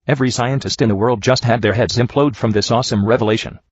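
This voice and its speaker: A man reading a badly written story aloud in a dry, sarcastic, deadpan way, mocking it as he goes. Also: mid-range voice, quick pace, no echo. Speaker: reviewer reading bad fanfiction. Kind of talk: dry comedic reading and commentary. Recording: dull lo-fi home recording.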